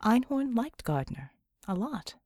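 A woman reading an audiobook, with expressive, measured storytelling narration. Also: a little high, no echo, clean studio sound. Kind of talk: scripted narration.

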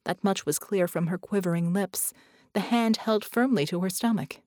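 A woman narrating an audiobook in a measured, steady reading voice. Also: mid-range voice, no echo, clean studio sound. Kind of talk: scripted narration.

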